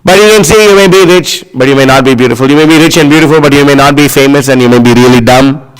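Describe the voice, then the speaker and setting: A man giving a scripture class as a sermon, scornful and animated, leaning on lots of "you know" fillers. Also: medium pitch, quick pace, smooth, big-room sound, poor audio. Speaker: preacher.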